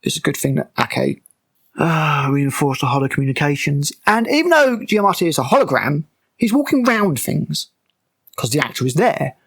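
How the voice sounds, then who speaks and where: A man's voice: fairly high pitch, sing-song, normal speed, vocal fry, a bit bright, breathy edge. A man giving a sarcastic, exasperated breakdown of a TV episode, mocking it as he goes. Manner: exasperated, mocking, with frequent fillers and restarts. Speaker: TV show reviewer.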